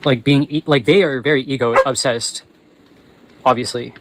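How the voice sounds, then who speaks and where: A man hosting his channel, ranting angrily with heavy swearing and breaking into yells, talking to viewers as he walks. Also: mid-range voice, fairly even intonation, moderate pace, background noise. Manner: angry, profane, yelling at times; talks while walking. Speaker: channel host. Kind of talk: ranting livestream monologue.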